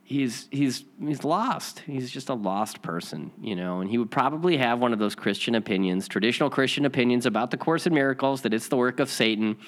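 A man's voice: medium pitch, lively intonation, fairly quick, hardly any pauses. A man hosting a spiritual lesson, telling a rambling personal story with many restarts and repeats before reading.

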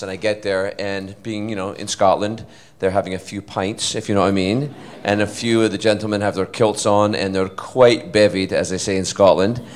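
A man telling animated, self-deprecating stories on a convention panel, speaking into a handheld mic on stage. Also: low voice, clean tone. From Canada. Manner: animated, self-deprecating, quick to act out voices. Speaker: guest actor on a convention panel. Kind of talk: anecdotal storytelling to a live audience.

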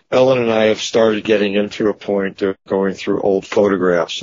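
A man in a casual podcast conversation, telling stories in a measured, wordy way. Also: on the low side, husky, no echo, lo-fi sound. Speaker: podcast guest.

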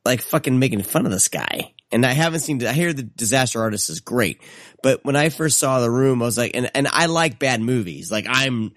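A man co-hosting a film podcast, speaking in a hesitant, halting way. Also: medium pitch, lively intonation, fairly bright tone, dry recording, clean studio sound. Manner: hesitant, halting, searching for words. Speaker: podcast co-host. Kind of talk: casual film podcast chat.

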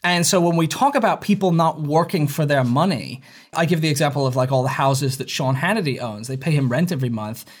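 A man's voice: on the high side, a little fast. A man from England with a hybrid British-American accent, an author talking animatedly and argumentatively in an interview. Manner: animated, argumentative, laughs often. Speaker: author guest. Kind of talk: casual interview chat.

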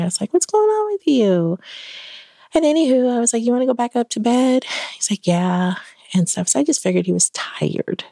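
The middle-aged woman has a lowish voice that is creaky and husky. Appearing as a podcast guest, she tells a personal story during an interview in an animated way, acting out the lines people said.

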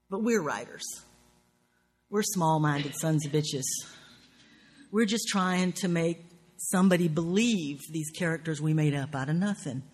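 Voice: medium pitch, slow pace, long pauses, breathy edge. A writing teacher with a Southern US accent, lecturing on craft in an earthy, profane, wry way with folksy grammar.

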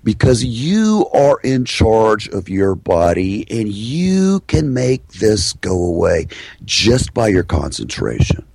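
A middle-aged man, a hypnosis trainer and guest, telling stories in an animated way and acting out the voices of the people in them. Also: on the low side, creaky, breathy edge, no room sound. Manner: lively, acts out the voices of people in his stories. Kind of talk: animated storytelling in a podcast interview.

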